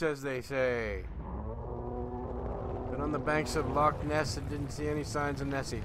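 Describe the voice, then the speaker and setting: A man's voice: mid-range voice, steady tone, a little slow, background noise. A man hosting a live stream, chatting casually with viewers and joking while he plays a game. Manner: chatty and joking, answers chat. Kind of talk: casual live gameplay commentary.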